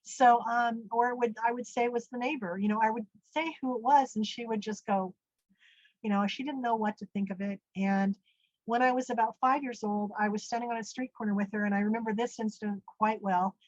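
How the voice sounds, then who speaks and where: Earnest storytelling woman, slightly high voice. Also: fairly even intonation, a little fast, darkish tone, dry recording, lo-fi sound. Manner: earnest, rambling, full of "you know" and "literally". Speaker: guest recounting a near-death experience. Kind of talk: conversational storytelling.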